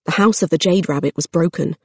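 A narrator reading a children's fantasy story aloud at a steady, measured pace. The voice sits mid-range and is recorded close and dry, with no echo in the room. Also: mid-range voice, husky.

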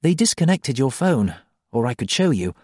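A man voicing a gentle, anxious woman in an audiobook, speaking softly and quietly. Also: mid-range voice, sing-song, moderate pace, slightly rough, dry recording, studio quality, pitched above the performer's own voice. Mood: tender. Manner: soft, quiet. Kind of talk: audiobook character voice.

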